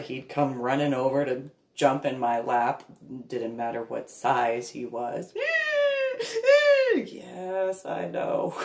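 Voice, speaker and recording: A woman's voice: extremely low pitch, darkish tone. A woman, a reverend and author, casually telling family stories in a meandering way, often laughing. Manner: meandering, laughs often, baby-talk when quoting herself to her dog. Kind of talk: casual personal storytelling. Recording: echoey room.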